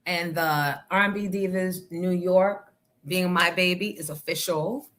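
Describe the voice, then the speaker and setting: Outspoken NJ woman, livestream host, bright and forceful delivery. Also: lowish voice, steady tone, unhurried, a little hiss or hum. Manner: outspoken, talks back to the chat. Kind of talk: casual livestream chat.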